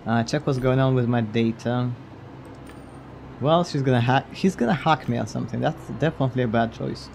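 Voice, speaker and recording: A man gives casual let's-play commentary at an ordinary mid pitch. He stays loose and wry, teasing the game's characters and cursing offhandedly now and then. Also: a little fast, creaky, darkish tone, a little hiss or hum. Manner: wry, blunt, swears casually, chuckles at the game. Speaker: game streamer.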